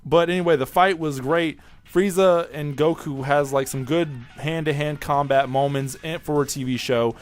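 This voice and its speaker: A man giving a casual spoken review of an anime episode, rambling and excitable, often restarting and correcting himself. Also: fairly high pitch, moderate pace, few pauses, faint music behind.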